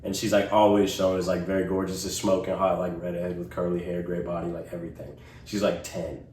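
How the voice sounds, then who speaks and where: A young man with a low voice tells a long, rambling story in casual podcast chat, packed with fillers and curses. The room is echoey, and he sits back from the mic with faint noise under him. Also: flat delivery, a little fast, a little mellow, far from the mic. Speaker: podcast co-host.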